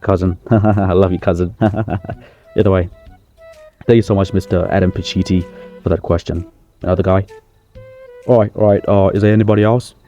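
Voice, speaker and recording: A man's voice: low voice, fairly even intonation, moderate pace, long pauses, warm tone, highs cut off, faint music behind, lightly acted. A man playing a boastful male wrestling star who rambles through a comedy press conference. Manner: cocky, rambling, self-praising. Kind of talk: comedy sketch.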